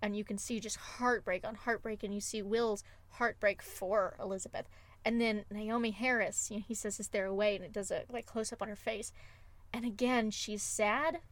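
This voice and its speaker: A woman's voice: medium pitch, no echo. A woman co-hosting a podcast, retelling film scenes with emotive enthusiasm in casual chat. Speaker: podcast co-host.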